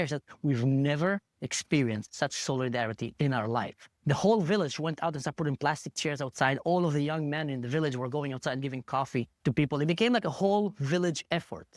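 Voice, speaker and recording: A man guest telling a first-hand story in an animated, emotional way, acting out what others said. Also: dry recording, studio quality. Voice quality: animated, acts out quotes with big pitch jumps.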